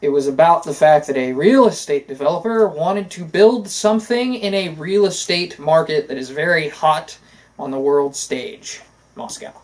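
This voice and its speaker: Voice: medium pitch, moderate pace, a little mellow, rough recording. Opinionated talk-show co-host, casual. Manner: opinionated, talks in long runs with fillers. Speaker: podcast co-host. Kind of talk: casual political chat.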